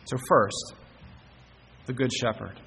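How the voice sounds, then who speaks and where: A man's voice: medium pitch, takes it slowly, creaky, sharp tone, long reverb tail, a little hiss or hum, low-quality recording. A man preaching a sermon as pastor. He speaks earnestly, poses rhetorical questions and often repeats words as he rephrases. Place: church sanctuary.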